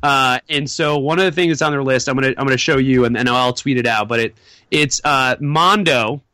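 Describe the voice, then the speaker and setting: A man's voice: mid-range voice, a little fast, sharp tone, no room sound. A man hosting a casual podcast, rambling with many fillers and restarts. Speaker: podcast host.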